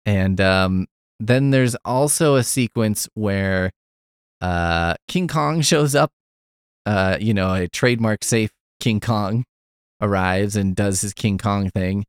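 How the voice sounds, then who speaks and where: A man's voice: fairly low pitch, slow, smooth, dry recording, studio quality. A man hosting a podcast, giving a rambling, profane, wry casual review of a film. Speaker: podcast host.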